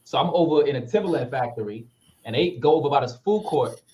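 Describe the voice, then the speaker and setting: A man's voice: mid-range voice, fast, dull audio, slight background noise. Laid-back New man telling stories. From Harlem, New York. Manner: laid-back, full of fillers, lively when retelling. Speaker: actor and guest. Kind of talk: casual storytelling interview.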